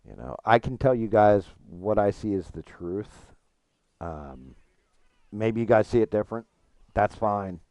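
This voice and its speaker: A man's voice: lowish voice, animated, unhurried, darkish tone, no room sound. A man chatting casually with his stream chat while gaming, frank and profane, rambling and restarting his thoughts.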